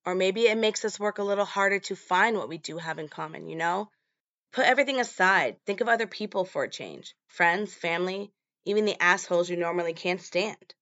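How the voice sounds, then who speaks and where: A tired father talks calmly and patiently to his son, voiced by a woman retelling a film. The tone is soothing. The recording is dry and slightly dull. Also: lowish voice, fairly quick, no room sound.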